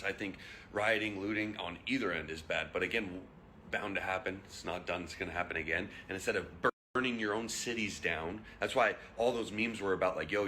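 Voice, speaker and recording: A young man rants to his followers in a bright, forceful voice that sits a little low. He is blunt and profane and keeps firing rhetorical questions. A faint hum runs underneath. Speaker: vlogger. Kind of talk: heated rant to camera.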